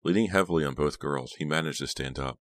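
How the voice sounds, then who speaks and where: A man narrating a horror novel in a measured, scripted reading. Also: extremely low pitch, a bit bright, no room sound. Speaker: audiobook narrator.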